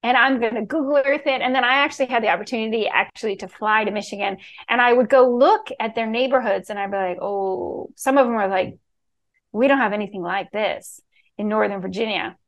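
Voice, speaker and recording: A middle-aged woman from Key West, a real estate executive telling stories in a bubbly, animated way as a podcast guest. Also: a little high, a little fast. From Key West, Florida. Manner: bubbly, animated, acts out quoted voices. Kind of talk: casual storytelling interview.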